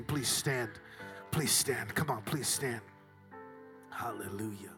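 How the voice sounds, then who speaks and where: A middle-aged man with a Southern African accent preaches a sermon. His voice is bright and forceful, and he moves between near-whispers and shouted peaks. Soft music plays faintly behind him. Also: mid-range voice, slow pace, long pauses. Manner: swings from hushed whispers to shouted climaxes. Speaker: pastor.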